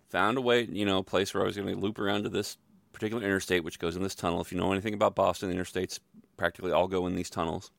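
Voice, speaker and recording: Gravelly low-voiced middle-aged man rambling. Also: a bit bright, no room sound, clean studio sound. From Louisville, Kentucky area. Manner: rambling, self-deprecating, many fillers and asides. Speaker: podcast host telling a personal story. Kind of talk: casual storytelling monologue.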